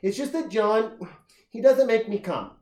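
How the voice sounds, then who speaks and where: Brief: man voicing chatty tipsy young woman, high and gushing, roomy echo. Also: measured pace, warm tone. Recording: echoey room.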